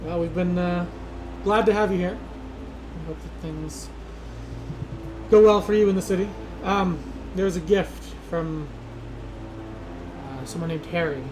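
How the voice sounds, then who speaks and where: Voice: medium pitch, unhurried, pauses often, lightly acted. Figure: short male settlement leader, voiced by a game master. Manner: casual, amiable. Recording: noisy. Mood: friendly.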